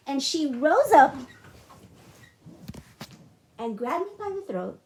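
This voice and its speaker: A woman's voice: on the high side, very animated, normal speed, long pauses, a little mellow. A middle-aged woman telling a personal story in a monologue, emotional and repetitive, with frequent restarts. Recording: echoey room.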